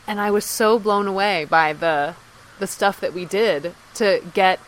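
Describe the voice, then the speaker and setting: A woman's voice: mid-range voice, a little slow, low-quality recording. A woman guest on a podcast telling an anecdote in casual talk, acting out what people said. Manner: lively anecdote-telling, acts out quoted speech. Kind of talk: casual storytelling.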